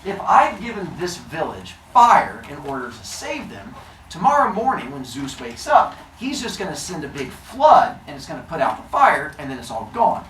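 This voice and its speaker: A man's voice: fairly high pitch, huge pitch swings, normal speed, fairly bright tone, reverberant, distant mic, slight background noise. A man playing playful clever titan. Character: clever, kindly male titan, helpful trickster.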